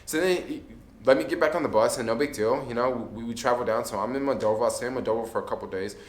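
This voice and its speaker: A man's voice: medium pitch, quick pace. Rambling young man, echoey room. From United States. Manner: rambling, lots of "like" fillers. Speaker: travel vlogger. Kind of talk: casual storytime monologue.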